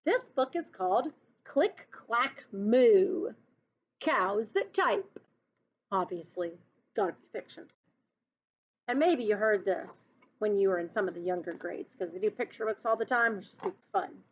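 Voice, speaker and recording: A woman's voice: mid-range voice, lively intonation, measured pace, husky. A woman teacher giving a recorded lesson, patiently explaining to children, on a dull lo-fi recording. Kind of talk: recorded class lesson and read-aloud.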